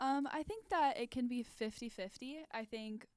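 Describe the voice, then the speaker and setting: A woman co-hosting a podcast, asking gentle questions and answering in a thoughtful, measured way. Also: on the high side, clear, resonant tone, no echo. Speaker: podcast co-host. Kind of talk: candid podcast conversation.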